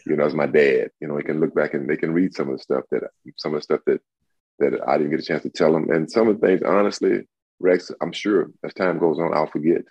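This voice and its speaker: A man in his sixties, a guest on an interview show, telling stories in a lively way and acting out what others said. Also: fast talker, gravelly, husky, no room sound, lo-fi sound. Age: 60s. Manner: animated storyteller, acts out quotes in a high voice. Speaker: guest, retired football player. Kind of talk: casual interview.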